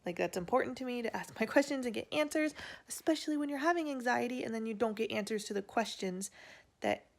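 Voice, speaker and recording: A woman's voice: on the high side, expressive, fast. A young woman chatting casually at home in her family vlog, rambling with fillers and little laughs. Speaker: vlogger mom.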